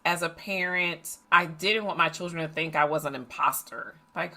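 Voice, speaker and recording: A middle-aged woman coach telling a family story in a lively, animated way, acting out the voices of the people in it. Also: deep voice, normal speed, few pauses. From United States. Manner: animated, acts out family dialogue. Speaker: coach and facilitator. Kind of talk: storytelling podcast monologue.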